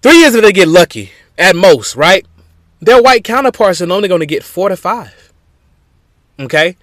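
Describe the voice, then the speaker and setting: A man's voice: sits high, sing-song, moderate pace, a bit bright, no echo. A man hosting a podcast, giving opinionated sports commentary in an emphatic, conversational way with frequent restarts. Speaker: podcast host.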